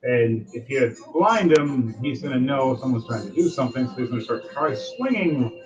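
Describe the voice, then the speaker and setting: A man's voice: medium pitch, animated, normal speed. A man narrating as game master, with loose, rambling descriptions. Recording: dull lo-fi audio, faint music.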